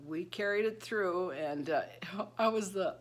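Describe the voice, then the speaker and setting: A woman's voice: on the low side, unhurried. A woman in her fifties, recently retired, chatting to camera in a rambling way and laughing often. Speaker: beauty vlogger. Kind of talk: casual chat to camera.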